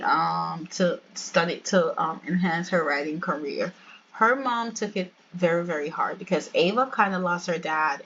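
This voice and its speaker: A woman's voice: on the low side, a bit bright. A young woman hosting a game channel, chatting and laughing often as she tells the story to her viewers. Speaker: gaming channel host. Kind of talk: casual game commentary and storytelling. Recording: dull lo-fi with faint hiss.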